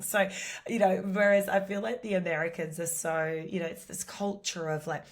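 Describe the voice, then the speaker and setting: Chatty low-voiced Australian woman. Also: moderate pace. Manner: chatty, animated, lots of "you know" and "like". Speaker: podcast host. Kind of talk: casual solo podcast chat.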